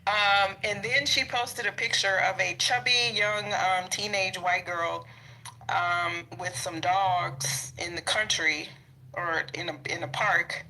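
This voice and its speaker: A blunt, sassy woman hosts a casual podcast and talks straight to her listeners. Her voice sits a little low but sounds very bright and sharp. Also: fairly even intonation, takes it slowly, low-quality recording.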